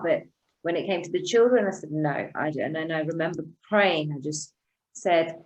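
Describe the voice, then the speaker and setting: Woman guest, low voice, earnest and halting, restarts often. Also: rough recording. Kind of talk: emotional conversational speech.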